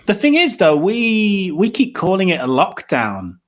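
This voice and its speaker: A man's voice: high-pitched, wildly swooping pitch, a little slow. A man from near Coventry with a mild English Midlands accent, chatting casually as a guest on a video call, rambling and restarting often. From England, near Coventry. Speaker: documentary filmmaker guest.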